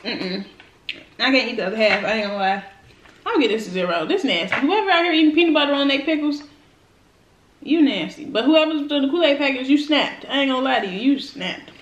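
A woman's voice: high-pitched, animated, brisk, roomy sound, slight background noise, rough recording. A woman who hosts a food vlog, chatting casually and with lots of slang to her viewers while she tastes snacks. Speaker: food vlogger. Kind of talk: casual eating-show chat.

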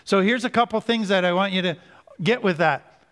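A man giving an earnest teaching talk on recovery, slowing down to stress key points. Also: high voice, fairly bright tone. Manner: earnest, slows down for emphasis. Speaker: recovery speaker. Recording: hall reverb.

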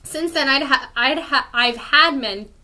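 A woman's voice: sits high, unhurried, pushed and bright, pitched above the performer's own voice, exaggerated voice. A woman voicing a grave, firm rebel swordswoman in a storybook read-aloud. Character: stern sword-carrying woman rebel warrior.

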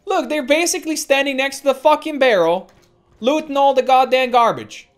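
A woman's voice: high-pitched, normal speed, soft background music. A woman giving let's play commentary as a gameplay streamer, swearing constantly and ranting at the game.

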